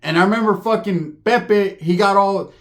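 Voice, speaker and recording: A man telling a profane comedic story, slipping into high squeaky character voices. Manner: rapid slangy delivery, jumps into high squeaky character voices.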